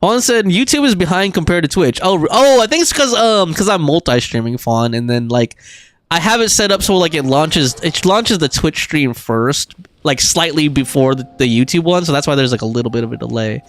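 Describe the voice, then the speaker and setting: A man's voice: fairly high pitch, lively intonation, normal speed, fairly bright tone. A man streaming a game, chatting casually and reading viewer messages aloud, with frequent laughs and fillers. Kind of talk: casual gaming livestream chat.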